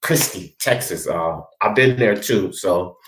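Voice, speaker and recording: A man's voice: low voice, lively intonation, unhurried, fairly bright tone, slight background noise. A man hosting a casual talk stream, rambling as he reads viewers' comments aloud and speaks to them by name. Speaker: livestream host reading chat. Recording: echoey room.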